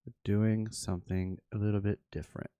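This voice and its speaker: A man's voice: on the low side, little pitch movement, dark tone, clean tone, no echo. A man hosting a trading workshop, walking through a livestreamed chart while thinking aloud and correcting himself as he goes. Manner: unhurried, thinks aloud, restarts and self-corrects.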